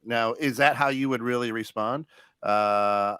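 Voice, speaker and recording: A man's voice: medium pitch, a little slow, bright, forceful tone, clean tone, no room sound, clean studio sound. A man co-hosting a casual live talk show, laughing often, stammering, and reading out viewer comments. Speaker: co-host.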